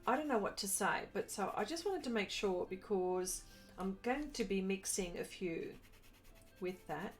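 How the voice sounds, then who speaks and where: A woman's voice: mid-range voice, lively intonation, unhurried, soft background music. An Australian woman hosting an art live stream, chatting casually and greeting viewers by name as she works. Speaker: art livestream host. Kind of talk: casual live stream chat while drawing.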